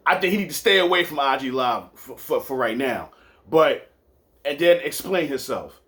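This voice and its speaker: A man's voice: medium pitch, animated, moderate pace, a bit bright. A man hosting a casual sports podcast, telling stories loosely with repeats and some swearing. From New York. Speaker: podcast host.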